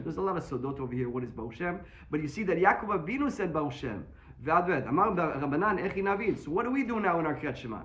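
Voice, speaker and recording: High, quick-talking man teaching Talmud. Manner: quick, animated explaining, mixing Hebrew and English. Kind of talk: Talmud class.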